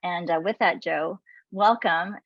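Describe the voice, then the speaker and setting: A woman's voice: lowish voice, measured pace, vocal fry, highs cut off, a little hiss or hum. A woman hosting a webinar, introducing a guest in a chatty, upbeat way and laughing easily. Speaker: webinar host.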